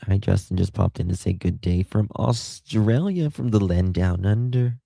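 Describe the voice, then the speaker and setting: Low creaky Southern man, chatty. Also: normal speed, dark tone, no room sound. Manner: chatty, drawling, greets viewers by name. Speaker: livestream host. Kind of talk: casual chat reading viewer comments.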